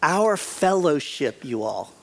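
A man preaching a sermon as pastor, earnest, often repeating words and clearing his throat. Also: a little high, sing-song, slow pace.

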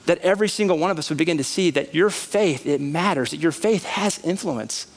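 Speaking a bit quickly and on the higher side, a thirtysomething pastor gives a lively, chatty sermon inside a church sanctuary. His emphasis keeps climbing as he preaches.

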